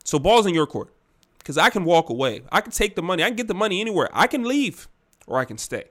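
A man's voice: sits high, sing-song, fast, fairly bright tone, pitched above the performer's own voice. A man voicing a frustrated male star player who heatedly insists on winning. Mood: demanding.

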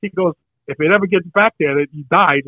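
Fast-talking older man telling a story. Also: a little high, dry recording, narrow, tinny audio. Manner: animated, acts out the other people in his story. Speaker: podcast co-host telling a story. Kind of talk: casual storytelling.

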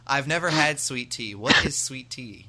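An American man co-hosting a podcast in relaxed, rambling chat, joking and filling gaps with ums. His voice is bright and forward, at an everyday middle pitch. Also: moderate pace. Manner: rambling, jokey, full of fillers. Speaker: podcast co-host. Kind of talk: casual chat.

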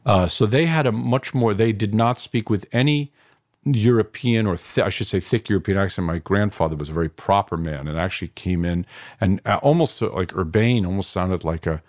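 A man's voice: lowish voice, fairly quick, darkish tone, dry recording, studio quality. A middle-aged man from New York, a filmmaker reflecting at length in an interview, digressive with frequent restarts and asides. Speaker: filmmaker guest.

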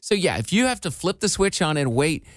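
A man's voice: on the high side, fairly quick, no room sound. A man in his forties co-hosting a radio show, telling stories in casual banter and acting out quotes. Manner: animated storyteller, acts out quotes.

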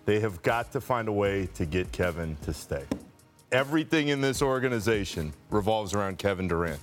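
A man's voice: on the low side, expressive, fairly quick, soft background music, lightly acted. A man improvising as a worried basketball team general manager on a podcast, earnest and pleading. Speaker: basketball reporter. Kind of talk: improvised role-play on a podcast.

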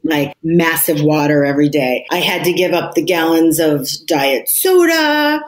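A woman with a notably low voice speaks as a podcast guest. She sounds candid and reflective, and she leans into key words with emphasis. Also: lively intonation, measured pace. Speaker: interview guest. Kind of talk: podcast conversation.

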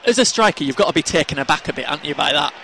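A man's voice: a little high, expressive, racing, gravelly, a crowd in the background. A man with a Yorkshire accent co-hosting a casual football podcast, rambling and jokey. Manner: rambling, jokey, laughs often. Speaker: podcast co-host. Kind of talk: casual chat.

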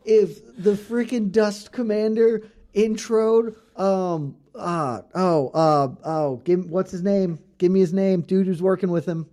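A playful, enthusiastic man co-hosting a casual podcast. His voice is high for a man yet mellow and dark in tone, and he pitches ideas with eager energy. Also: fairly even intonation, slow. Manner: enthusiastic, playful, says "dude" and "like". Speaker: co-host.

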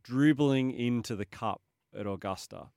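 A man's voice: medium pitch, a little slow, creaky, a little mellow, clean tone, no room sound, clean studio sound. An Australian man co-hosting a breakfast sports radio show, chatting casually and reading listener texts aloud.

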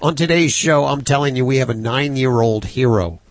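A man hosting a radio call-in show, chatty and teasing, a bit hoarse as he talks into a studio mic. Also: mid-range voice, moderate pace, no room sound. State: losing his voice. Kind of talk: casual radio chat.

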